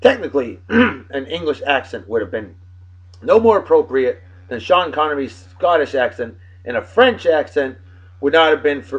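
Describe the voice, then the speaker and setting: Husky-voiced man reading movie trivia. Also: medium pitch, highs cut off. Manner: offhand asides and wry comments. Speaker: host.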